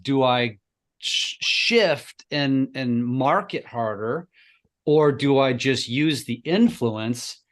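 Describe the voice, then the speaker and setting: Man, mid-range voice, chatty webinar guest, restarts a lot. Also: medium pitch. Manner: animated, with many restarts and repeated words. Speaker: guest social media coach for real estate agents. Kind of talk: casual webinar conversation.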